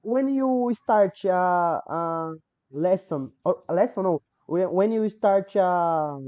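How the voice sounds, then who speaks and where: Halting Bulgarian woman learner, dull sound. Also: fairly low pitch, dark tone. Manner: halting, searching for words, many fillers. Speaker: guest, English learner. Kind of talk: casual chat.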